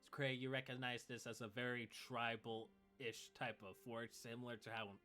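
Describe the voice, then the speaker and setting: A man's voice: mid-range voice, level tone, moderate pace, pushed and bright, soft background music. A man narrating as game master in a casual, filler-heavy way.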